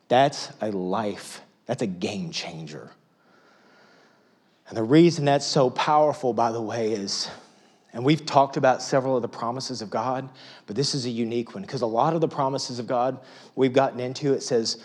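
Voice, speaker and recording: A middle-aged male pastor preaching a sermon in a church, dropping to near-whispers and rising to loud, emphatic pleas. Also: mid-range voice, moderate pace, breathy edge. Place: church auditorium.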